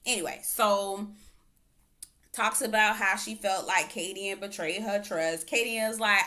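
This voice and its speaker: A woman vlogger recapping a reality dating show on camera at home, her voice bright and forward. She talks in a chatty, gossipy way, acting out what people said with big swings in her voice. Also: mid-range voice, unhurried. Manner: animated, quotes people in exaggerated voices, frequent laughs. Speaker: TV reviewer vlogger.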